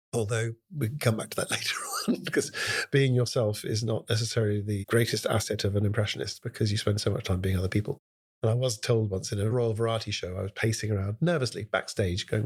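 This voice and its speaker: A man in his sixties from Scotland, telling lively anecdotes as a guest in a conversational interview. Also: fairly low pitch, husky. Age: 60s. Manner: animated anecdotes, drifting into quick bursts. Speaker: guest, impressionist. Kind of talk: relaxed storytelling interview chat.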